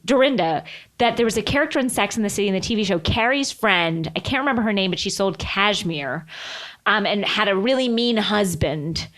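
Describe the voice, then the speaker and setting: A woman co-hosts a podcast in a loose, conversational way. Her pitch rises and falls a lot as she talks. She laughs easily between thoughts. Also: a little fast. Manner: chatty, animated, laughs often. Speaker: podcast co-host. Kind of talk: casual chat.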